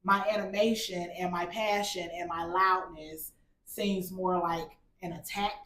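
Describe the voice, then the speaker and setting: A woman co-hosting a casual marriage chat, animated and getting louder when she's passionate. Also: lowish voice, unhurried. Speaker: podcast co-host. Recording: roomy echo.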